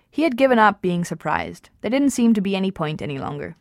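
A woman reading a novel aloud at an even pace, with small slips and restarts. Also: mid-range voice, fast talker, few pauses, dry recording, studio quality. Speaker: reader.

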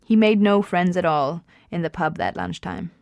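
A woman reading a novel aloud at an even pace, with small slips and restarts. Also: lowish voice, normal speed, creaky, dry recording, highs cut off. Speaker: reader.

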